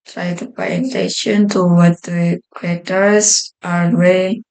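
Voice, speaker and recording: Slow, gravelly woman presenting a grammar lesson. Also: fairly low pitch, level tone, darkish tone, rough recording. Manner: slow, halting delivery with frequent uh fillers. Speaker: student presenter.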